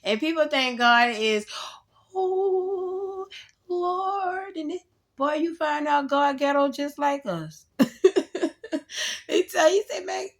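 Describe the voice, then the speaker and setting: A woman's voice: high voice, a little slow. Slangy, laughing woman reading tarot. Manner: animated, laughing, slangy, direct address. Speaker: tarot reader. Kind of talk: casual tarot reading to the viewer.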